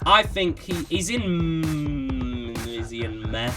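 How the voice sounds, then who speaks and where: A man in his early twenties talks through player ratings in a loose, slangy, opinionated way. His voice sits a touch higher than most men's. Music plays clearly under him. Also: takes it slowly. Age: 20s. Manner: slangy and opinionated, lots of "bro". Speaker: gaming YouTuber rating players. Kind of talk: casual rating commentary.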